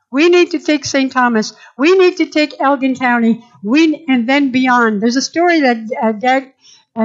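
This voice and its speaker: A woman from Canada preaching a sermon in a fervent, emphatic way, repeating key phrases. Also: high voice. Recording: dull lo-fi sound.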